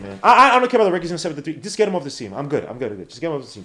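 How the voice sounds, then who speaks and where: A man hosting a live watch-along podcast, calling the basketball game play by play with slangy, excitable talk that breaks into shouts at big plays. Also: a little high, rapid-fire, a little hiss or hum. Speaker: podcast host doing play-by-play.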